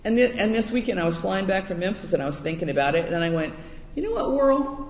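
A man's voice: high-pitched, expressive, racing. A man preaching a conversational sermon, chatty and self-deprecating, often restarting his words. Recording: echoey hall, dull muffled sound.

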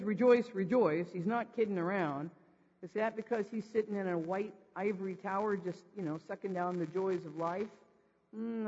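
High-voiced preaching man in an echoing church. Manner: jokey, quizzes the congregation with rhetorical questions; animated, raises his voice for emphasis. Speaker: pastor. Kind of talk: sermon. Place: church sanctuary. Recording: long reverb, dull lo-fi sound.

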